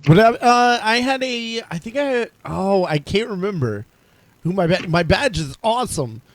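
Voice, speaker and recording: A man with a slightly higher voice chatting on a podcast. He tells stories in a rambling, animated way, tripping over his words and circling back. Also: normal speed. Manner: rambling, animated storytelling with restarts. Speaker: podcast co-host. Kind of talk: casual chat.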